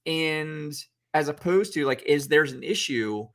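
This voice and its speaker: This youth football coach talks leadership in a loose, unscripted podcast debate, rambling, restarting a lot and acting out quotes from coaches. His voice sits fairly high, with a fairly bright tone and a measured pace.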